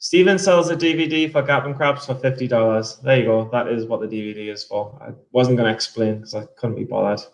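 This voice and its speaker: A man's voice: medium pitch, brisk, vocal fry, few pauses. A man live-streaming his trading, chatting casually while drinking whiskey, rambling and swearing between jokes. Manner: rambling, profane, joking. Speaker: day-trading livestreamer. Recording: roomy echo.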